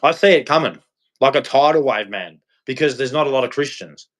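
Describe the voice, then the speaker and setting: A man's voice: mid-range voice, animated, a little fast, a bit bright. An Australian man ranting on a livestream in a blunt, scolding, preachy way. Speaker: livestream host. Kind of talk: livestream rant.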